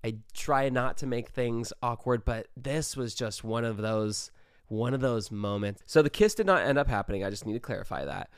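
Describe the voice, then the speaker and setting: A young man spins a story for his vlog camera, animated and loose with his swearing. His voice comes through smooth and clean, with no room sound around it. He is middle-pitched and chatty, darting into asides as he goes. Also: no room sound, studio quality. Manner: animated, profane, quick asides. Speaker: vlogger. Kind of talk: casual storytelling.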